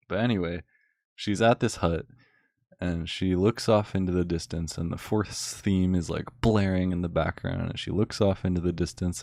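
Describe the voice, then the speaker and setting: Deep-voiced man in a sarcastic ramble. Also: vocal fry, dark tone, no room sound, studio quality. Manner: sarcastic, rambling, with filler likes. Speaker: channel host. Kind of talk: casual rant to a friend.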